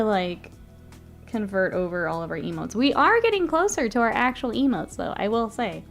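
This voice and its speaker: A woman streamer chatting casually with her live chat while she works, often murmuring softly, laughing easily, with a stuffy nose. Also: mid-range voice, very animated, moderate pace, creaky, faint music behind.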